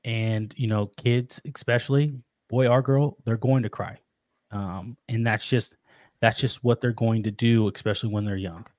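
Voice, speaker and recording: Earnest, halting man, dry sound. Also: lowish voice, fairly even intonation, a little mellow, no echo. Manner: earnest and reflective, halting with frequent restarts. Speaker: podcast guest, father of daughters. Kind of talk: casual interview talk.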